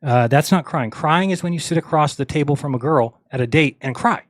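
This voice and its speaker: A man's voice: fairly high pitch, a little fast, no room sound. A man hosting a livestream, ranting bluntly and mockingly, acting out the lines of people he quotes. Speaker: livestream host. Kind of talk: casual livestream rant.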